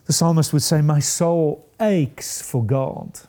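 A male preacher delivers a sermon at an unhurried pace, his voice sitting a little high for a man. The tone is warm and mellow. He builds to emphatic peaks and then lets weighty pauses hang.

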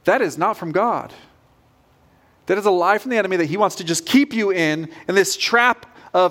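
A man's voice: high voice, moderate pace, a bit bright. A man preaching a sermon as pastor, earnest and direct in a conversational way.

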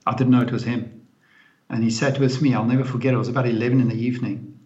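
A man's voice: mid-range voice, flat delivery, fast, a little mellow. A man speaking as an interview guest, telling his story in a blunt, frank way and often tagging his remarks with "eh?". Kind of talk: candid storytelling in conversation. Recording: roomy, dull lo-fi sound.

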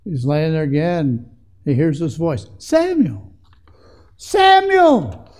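A man's voice: on the high side, measured pace, dark tone. A man preaching a sermon in an earnest way that builds to emphatic passages.

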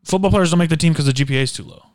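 A young man co-hosting a podcast, chatting casually with blunt, teasing, deadpan jokes. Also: on the high side, very fast, no echo, clean studio sound. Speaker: podcast co-host. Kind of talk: casual chat.

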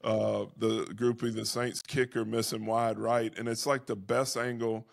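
A man's voice: on the low side, little pitch movement, unhurried, creaky, no echo, studio quality. A man in his forties hosting a casual podcast interview, trading laid-back, teasing banter with a friend. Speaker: podcast host, former NFL player.

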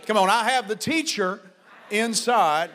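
High-voiced fervent male preacher. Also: normal speed. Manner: fervent, rising to shouted exhortations, then quiet storytelling. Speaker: pastor. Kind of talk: sermon.

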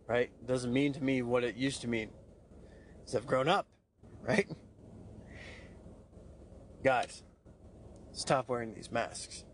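A man speaks straight to his listeners in a raw monologue about himself. His pitch is mid-range, and he swears freely. He keeps tossing in "right?" while he laughs at his own past, with a faint hiss under the recording. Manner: candid, profane, self-mocking, frequent "right?" asides. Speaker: podcast host. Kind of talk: personal monologue.

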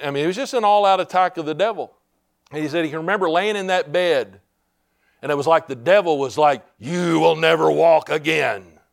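A man preaching a fervent sermon as pastor, building to shouts and calling out "Amen?" to the congregation. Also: on the high side, clean tone.

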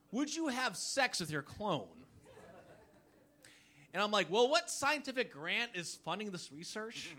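A male comedian trades wry jabs on stage and chuckles between his lines. His voice sits high and bright, and it rises and falls with lively inflection. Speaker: comedy debate contestant. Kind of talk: stand-up style banter.

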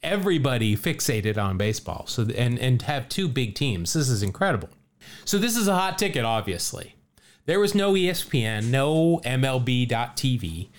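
A man hosting a podcast, telling a story in casual chat, animated and laughing often as he reads out quotes. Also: medium pitch, normal speed. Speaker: podcast host.

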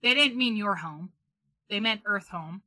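A woman's voice: medium pitch, expressive, measured pace, sharp tone. A woman chatting casually and spinning a playful made-up story, with a lot of "like".

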